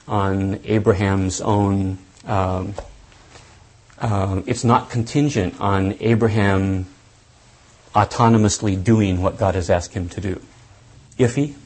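A man giving a lecture on scripture, thinking aloud deliberately and stressing key points. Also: low voice, steady tone, a little mellow, rough recording. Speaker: Bible teacher.

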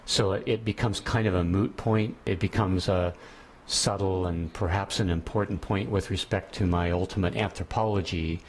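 A man's voice: sits low, steady tone, normal speed, a little hiss or hum. A man teaching a class, lecturing on ethics and thinking aloud as he goes, often restarting his sentences.

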